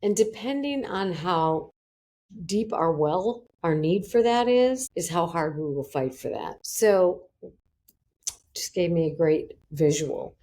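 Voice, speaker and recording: A woman's voice: fairly low pitch, expressive, slow, mellow. A middle-aged woman, a psychologist, talking as a guest on a podcast and acting out quoted voices with animation. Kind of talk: podcast interview.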